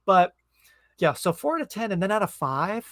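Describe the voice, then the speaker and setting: A man's voice: high-pitched, big pitch swings, moderate pace, fairly bright tone, no echo. A man co-hosting a movie podcast, chatting casually and rambling with lots of asides. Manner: rambling, self-interrupting, trailing asides. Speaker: podcast co-host. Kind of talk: casual movie review chat.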